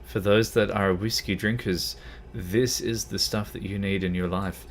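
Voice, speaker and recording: A man's voice: lowish voice, fairly even intonation, unhurried, a little hiss or hum. A man chatting casually on a gaming livestream, rambling and easily distracted. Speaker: streamer.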